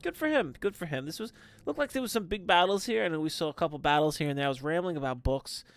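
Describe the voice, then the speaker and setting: A young man giving casual, rambling commentary on a strategy game, often breaking into excited exclamations. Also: on the high side, fast talker, clean tone, no room sound. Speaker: game caster.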